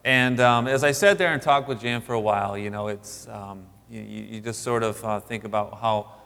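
A man in his thirties preaching a sermon as pastor, talking in a halting way with many fillers and restarts. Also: lowish voice, creaky, fairly bright tone, smooth, in a large hall. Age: 30s.

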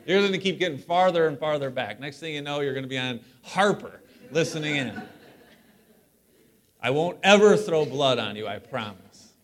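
A male pastor preaching a sermon in a church, animated and lively, breaking up the teaching with joking asides. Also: on the high side, normal speed. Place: church sanctuary.

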